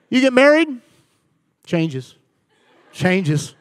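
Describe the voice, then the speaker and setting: A man in his forties giving a comedic talk to a live church audience, telling animated stories and bantering with the crowd. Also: sits high, moderate pace, dry recording. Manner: animated storytelling, acting out dialogue and bantering with the audience. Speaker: guest speaker at church. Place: church service.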